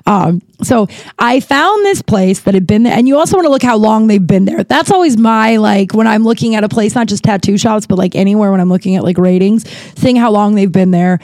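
A woman's voice: medium pitch, lively intonation, fairly quick, a little mellow, no room sound. A woman hosting a podcast, telling a personal story in a casual, rambling way, full of fillers and restarts. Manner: candid, lightly profane. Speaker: podcast host.

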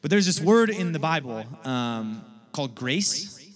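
A man's voice: fairly high pitch, sing-song, measured pace. A young man giving a casual sermon, telling a story in a chatty way and often checking in with "all right?". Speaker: youth pastor.

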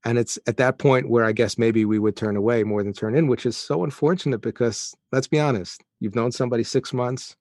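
A man interviewing a guest, reflecting thoughtfully and tentatively, with many pauses and fillers. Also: medium pitch, steady tone, darkish tone, no echo, studio quality. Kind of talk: conversational interview.

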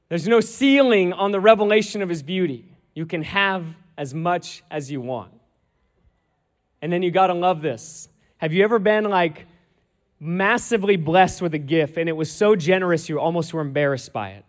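Animated high-voiced male preacher. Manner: animated storytelling, acting out dialogue, emphatic. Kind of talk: sermon.

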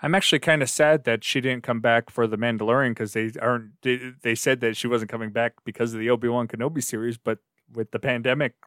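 A man's voice: medium pitch, fairly even intonation, fast talker, hardly any pauses, a bit bright, no echo, clean studio sound. A man co-hosting a casual fan podcast, chatting in a conversational, easygoing way. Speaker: podcast co-host.

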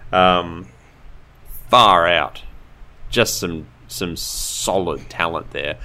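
A man co-hosting a podcast, telling a story in animated casual chat and laughing often. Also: sits low, extremely slow. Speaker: podcast co-host.

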